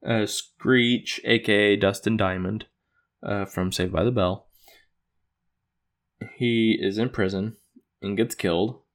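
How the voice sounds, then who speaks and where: A man with a lowish, steady voice talks slowly, leaving long pauses as he casually recaps an episode he wrote. He wanders with fillers, chuckles, and keeps correcting himself in a loose, easygoing way.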